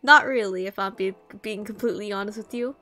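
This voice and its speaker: A woman's voice: medium pitch, brisk, pushed and bright, faint music behind. A woman streaming a game, chatting in a playful, giggly, mock-dramatic way. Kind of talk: casual gaming stream chat.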